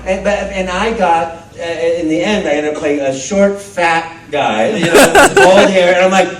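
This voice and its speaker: A man's voice: fairly high pitch, unhurried, very noisy. A male voice actor answering audience questions at a convention panel, telling stories playfully and acting out the dialogue. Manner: animated, playful, acts out quoted dialogue. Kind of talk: storytelling Q&A with an audience. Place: large convention hall. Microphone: phone recording from the audience. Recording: echoey hall, distant phone mic.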